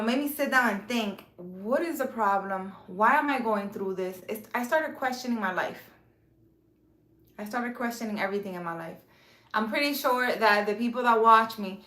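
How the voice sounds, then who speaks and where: A spiritual vlogger speaks to camera in a fairly bright, higher-pitched woman's voice, her sound roomy. She chats casually with viewers about faith, peppering her talk with "you know" and "um" and correcting herself along the way.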